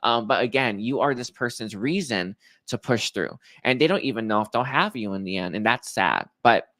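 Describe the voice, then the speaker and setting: A young man speaks in a bright, forward voice that sits slightly low for a man. He reads tarot cards for his viewers in a halting, emotional way, full of fillers and restarts. The sound is dry and close, with no room around it. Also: animated, no echo. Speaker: tarot reader.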